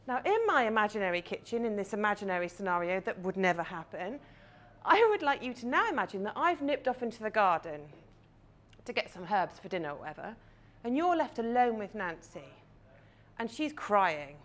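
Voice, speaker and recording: A woman's voice: mid-range voice, big pitch swings, a little fast. A woman in her thirties, a confidence coach, giving a chatty live talk and guiding listeners through an imagined scene.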